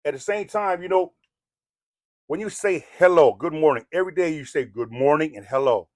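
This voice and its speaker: A man's voice: on the high side, moderate pace, darkish tone, dry recording, studio quality. A man from Southern California with a Samoan-tinged accent, delivering a rambling, preachy rant that is blunt and profane and full of "you know what I mean". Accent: Samoan-influenced Southern California. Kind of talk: ranting monologue.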